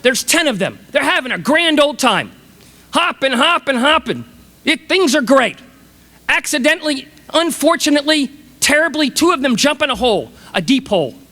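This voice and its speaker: A man's voice: very high-pitched, pushed and bright, big-room sound. A man giving a commencement speech, enthusiastic and dramatic, telling stories to a large audience. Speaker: commencement speaker. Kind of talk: motivational speech. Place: large graduation ceremony venue.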